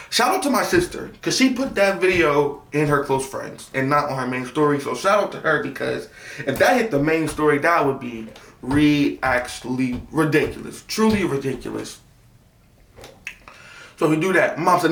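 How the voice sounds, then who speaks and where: Young man, storytime vlogger, highish voice that leaps up when exasperated, recorded in an echoey room a little off mic. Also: normal speed, recorded from a distance. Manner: animated, voice jumping high in exasperation. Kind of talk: casual storytelling.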